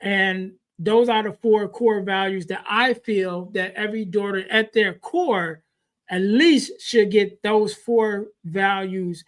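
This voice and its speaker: A man hosting a podcast, setting up questions in a measured way and circling back to restate them. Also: high voice, steady tone. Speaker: podcast host. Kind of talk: interview questions, casual.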